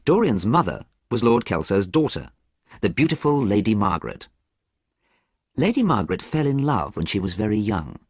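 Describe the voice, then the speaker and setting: Male audiobook narrator, measured, low-ish and husky, for learners. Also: very animated, no room sound, clean studio sound. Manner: clear, measured reading. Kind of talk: graded-reader audiobook narration.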